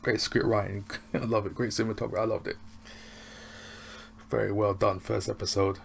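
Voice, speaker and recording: A man's voice: on the low side, little pitch movement, a little fast, gravelly, a little hiss or hum. A man chatting casually as he reviews a TV episode, slangy and rambling with frequent chuckles. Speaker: TV review vlogger.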